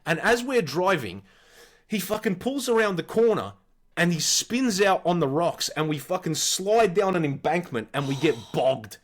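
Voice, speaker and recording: An Australian man in his forties tells stories in a casual, animated way, peppered with swearing. His voice sits a little high for a man, and his delivery is blunt and lively. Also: moderate pace. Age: 40s. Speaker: podcast co-host. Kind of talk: casual storytelling.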